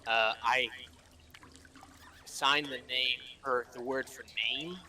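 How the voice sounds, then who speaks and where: A man's voice: medium pitch, fairly even intonation, slow pace, sharp tone, a little hiss or hum. A man playing in a tabletop game, speaking hesitantly with many fillers. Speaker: player. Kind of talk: casual tabletop play.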